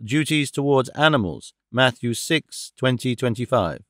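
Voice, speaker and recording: A man reading a classic novel aloud as an audiobook narrator, in a measured, formal storytelling manner. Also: mid-range voice, lively intonation, no echo, clean studio sound. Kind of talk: scripted narration.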